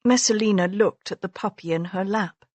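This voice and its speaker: Woman narrator, steady mid voice, slow and measured, dry close read. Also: medium pitch, no room sound. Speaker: audiobook narrator. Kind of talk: scripted narration.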